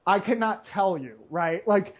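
Man, high voice, poker player, casual rambling monologue, filler-heavy, dull lo-fi sound. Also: expressive, measured pace. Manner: rambling, filler-heavy, keeps asking "right?"; mocks complainers in whiny put-on voices. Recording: slightly muffled lo-fi recording.

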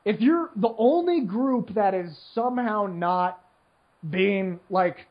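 A man's voice: sits high, animated, slow pace. A man who plays poker, talking in a casual, rambling monologue with many fillers, checking in with "right?" as he goes. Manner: rambling, filler-heavy, keeps asking "right?"; mocks complainers in whiny put-on voices. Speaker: poker player. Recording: slightly muffled lo-fi recording.

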